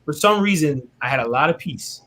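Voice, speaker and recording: A man with a slightly high voice tells his faith testimony as an interview guest. He is casual and animated, and he often checks in with "right?" He also voices the people in his story as he goes. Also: brisk, slight background noise. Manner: animated, often tags "right?", acts out other people's words.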